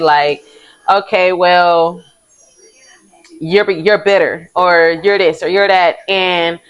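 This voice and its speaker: A young woman talks into the camera in a loose, confessional way. Her voice sits at an ordinary middle pitch, and she keeps things frank and chatty, often laughing as she goes. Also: smooth, rough recording. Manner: candid, chatty, uses southern US vernacular, laughs often. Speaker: vlog host. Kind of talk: casual confessional chat.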